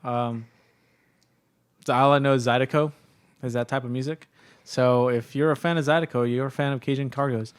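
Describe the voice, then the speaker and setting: Deadpan man reading a mock ad. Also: mid-range voice, moderate pace, pauses often, smooth. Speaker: game master and co-host. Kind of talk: casual podcast chat.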